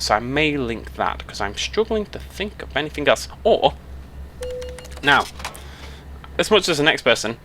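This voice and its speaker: A man's voice: medium pitch, sharp tone, a little hiss or hum. A young British man chatting casually to camera on a road trip, rambling and cutting himself off as he goes, speaking into a headset mic. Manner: chatty, rambling, self-interrupting. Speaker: YouTuber.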